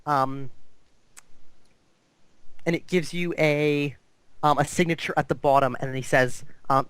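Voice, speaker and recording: A man's voice: a little high, fairly even intonation, a little slow, long pauses, a bit bright, clear, resonant tone, dry recording. A man running a tabletop game as game master over voice chat, talking hesitantly with many ums as he makes things up. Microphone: online voice chat mic.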